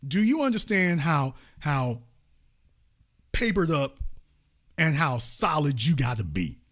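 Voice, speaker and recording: A man hosting a live commentary show, ranting in a sarcastic, mocking, profane way, with fast bursts and slow, drawn-out emphasis. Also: a little high, big pitch swings, fairly bright tone. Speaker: political commentary host.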